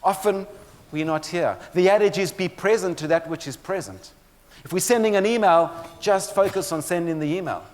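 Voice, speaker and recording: A man's voice: high-pitched, expressive, moderate pace. A man giving a keynote talk, telling stories with dry humor and speaking straight to the audience. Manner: storytelling with dry humor, addresses audience directly. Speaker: motivational speaker. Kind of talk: keynote presentation on stress. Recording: long hall reverb.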